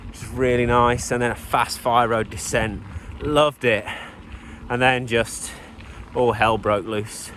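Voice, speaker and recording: A man's voice: mid-range voice, a bit bright, a little hiss or hum. A man, a bikepacking racer, giving a chatty, rambling spoken recap of his ride outdoors, with self-deprecating asides. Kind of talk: casual spoken recap while riding. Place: outdoors on a trail, riding a bike.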